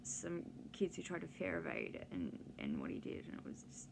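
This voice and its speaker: A woman's voice: fairly low pitch, huge pitch swings, moderate pace, gravelly. A woman, talking casually in a rambling, digressive way full of ums and side stories for her vlog. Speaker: vlogger. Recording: noisy background hiss.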